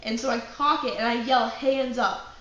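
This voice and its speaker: A young woman telling a personal prank story to her acting class, with lively asides and a chatty delivery. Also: fairly high pitch, a little fast, highs cut off. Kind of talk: personal anecdote told to a class. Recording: very echoey room with faint background noise.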